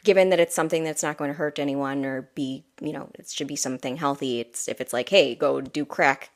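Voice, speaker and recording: A woman who is an intuitive healer, giving a soft, rambling spiritual reading with frequent laughs. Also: deep voice, steady tone, quick pace. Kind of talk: casual spiritual guidance talk.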